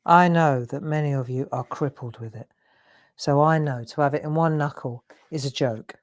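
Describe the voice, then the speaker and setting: A woman's voice: low voice, moderate pace. A woman hosting a live craft tutorial, chatting in a self-deprecating way while she colours in.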